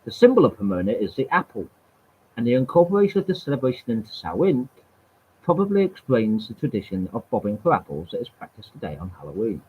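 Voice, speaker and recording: A man reads aloud from webpages with a lively, up-and-down voice and a husky edge. He trips over words, repeats himself, and drops in dry remarks between passages. The sound is thin and tinny, like a phone line. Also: medium pitch, fast talker. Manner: stumbling reader, repeats words, wry asides. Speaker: channel host. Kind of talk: reading aloud from webpages with casual asides.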